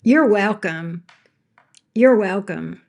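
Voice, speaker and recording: A woman's voice: medium pitch, animated, takes it slowly, vocal fry, darkish tone. A woman tarot reader chatting casually with her viewers from home. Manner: chatty, talks baby talk to her pet. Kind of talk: casual livestream chat.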